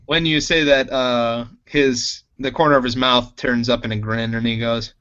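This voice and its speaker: A man narrating a tabletop role-playing game as game master, unhurried and full of ums and uhs. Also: mid-range voice, steady tone, sharp tone, clean tone, lo-fi sound. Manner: unhurried, filler-heavy narration.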